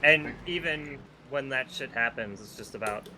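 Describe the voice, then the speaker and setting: A man streaming a sim endurance race, chatting casually with teammates, blunt and quick to swear. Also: mid-range voice, crowd noise. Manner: blunt, swears freely, laughs often. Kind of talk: casual chat while sim racing.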